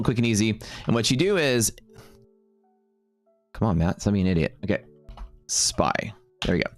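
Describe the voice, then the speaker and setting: A man teaching trading live on stream, casual and upbeat, chatting with viewers between explanations. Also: on the low side. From Texas. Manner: casual and upbeat, full of fillers and quick asides to chat.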